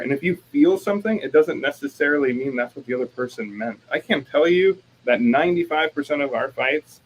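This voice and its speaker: A man co-hosting a relationship coaching talk, telling lively stories and acting out both sides of arguments. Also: medium pitch, slight background noise, rough recording. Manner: animated storytelling, acts out both sides of arguments. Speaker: life coach co-host. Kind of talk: casual conversation.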